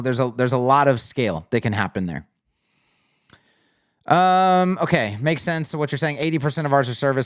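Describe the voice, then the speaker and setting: A man's voice: mid-range voice, smooth, dry recording, clean studio sound. A man from the United States hosting a live business stream, talking casually and reading the chat, with many fillers and repeated phrases. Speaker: livestream host.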